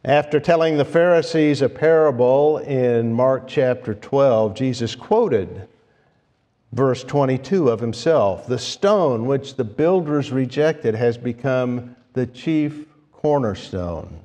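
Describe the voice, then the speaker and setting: A man preaching a sermon, speaking deliberately and pausing to restart his phrases now and then. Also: mid-range voice, dark tone. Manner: slow, deliberate, with restarts and fillers. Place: church sanctuary. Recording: long reverb of a church hall.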